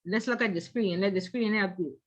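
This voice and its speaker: A woman's voice: medium pitch, fairly quick. A woman instructor teaching an online class, chatty and teasing, telling stories between questions to her students. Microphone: video call. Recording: dull lo-fi video call audio.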